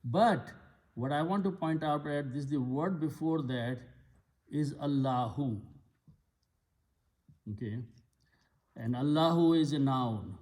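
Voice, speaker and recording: Slow, patient male grammar teacher. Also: a little high, a little mellow. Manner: patient, explains step by step, repeats key words. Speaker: Quran Arabic teacher. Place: Islamic center classroom.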